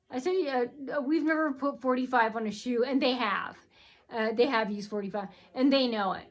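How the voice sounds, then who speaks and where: A woman with a fairly high voice talks straight to her vlog audience. She rambles and circles back to the same complaints again and again. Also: normal speed. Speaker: vlogger.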